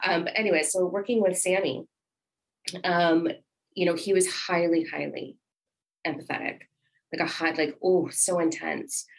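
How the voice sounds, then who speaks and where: A woman's voice: lowish voice, steady tone, normal speed, rough recording. A middle-aged woman co-hosting a casual talk from her home office, speaking in a rambling, affectionate way. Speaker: podcast co-host. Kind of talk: casual conversation about parenting.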